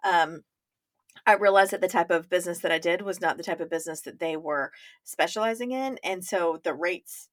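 A woman co-hosting a podcast in casual chat, telling animated stories and acting out what people said. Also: on the low side, brisk. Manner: animated storyteller, acts out quotes, laughs often. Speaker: podcast co-host.

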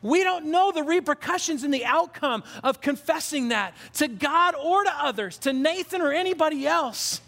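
A man's voice: extremely high pitch, lively intonation, moderate pace, gravelly, hardly any pauses, a bit bright. A man preaching a sermon as pastor, earnest and emphatic, often restarting his phrases. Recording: long reverb of a large hall.

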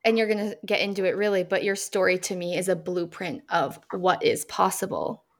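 A woman's voice: fairly low pitch, a little fast. A woman hosting an interview, speaking in an earnest, affirming way. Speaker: podcast host. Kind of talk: interview conversation.

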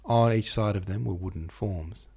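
Husky, dark-voiced male narrator. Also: on the low side, normal speed. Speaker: audiobook narrator, podcast host. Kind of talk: literary audiobook reading.

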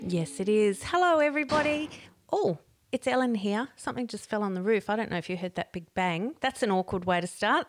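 A woman's voice: fairly high pitch, no room sound. A woman hosting a podcast from a garden shed, chatting casually and laughing often. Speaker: podcast host. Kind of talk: casual chat.

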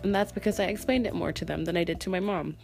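Young woman, stuffy nose, low voice. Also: fast, vocal fry, darkish tone, soft background music. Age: young adult. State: nasal from a cold. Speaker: podcast host. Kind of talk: scripted podcast monologue.

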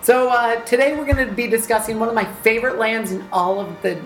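A woman's voice: on the high side, quick pace, echoey room, soft background music, poor audio. A woman hosting a podcast in casual chat, teasing her co-hosts and making puns. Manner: animated, punning and teasing. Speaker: podcast host.

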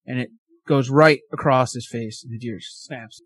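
A man telling a hunting story as a podcast guest, animated, acting out his own and his friend's words. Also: mid-range voice, normal speed, breathy edge.

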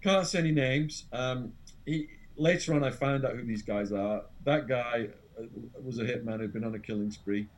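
An Englishman sits as an interview guest and unspools a tense personal anecdote. He tells it with animated drama, acting out the people he quotes. His voice sits at an ordinary middle pitch for a man. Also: moderate pace. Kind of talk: storytelling anecdote.

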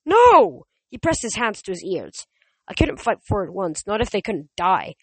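Here a husky-voiced audiobook reader narrates in first person at a moderate pace and an even middle pitch, plainly and steadily, with the odd stumble and restart. Close to the mic in a dry, dead room without any room sound, the recording is rough.

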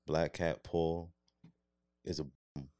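A man co-hosting a casual sports podcast, his voice extremely low. He answers in short, dry, dismissive quips that tease his co-host. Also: flat delivery, slow, dark tone.

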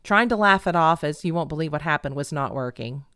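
Woman, middle-aged, comic storytelling, animated, dramatic, lowish voice, dry close sound. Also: a little fast, smooth, no echo. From Texas. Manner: animated, dramatic, self-mocking.

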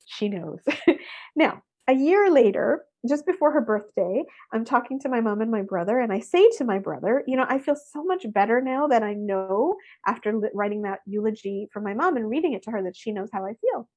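Middle-aged woman, high bright voice, expressive storyteller, interview guest. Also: fairly quick. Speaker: interview guest, workshop speaker.

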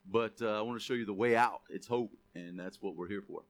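A man's voice: lowish voice, brisk. A man preaching a sermon, conversational and then emphatic, calling on the church to repeat key words. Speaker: pastor.

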